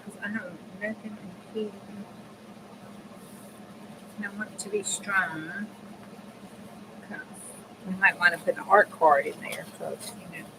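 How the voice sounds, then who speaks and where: A woman's voice: medium pitch, fairly even intonation, a little slow, long pauses, noisy background. A middle-aged woman chatting casually to her viewers while crafting, folksy and talkative. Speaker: craft channel host.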